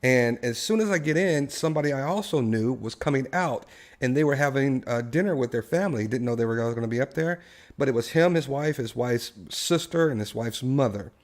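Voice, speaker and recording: A man's voice: medium pitch, animated, brisk. A man hosting a casual live-stream discussion, telling a story and putting questions to his co-hosts and the chat. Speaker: live show host.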